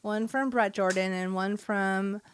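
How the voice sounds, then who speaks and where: A woman co-hosts a podcast, chatting casually, telling animated stories and laughing often. Her voice is mid-range and her pace measured, with slight background noise in the recording.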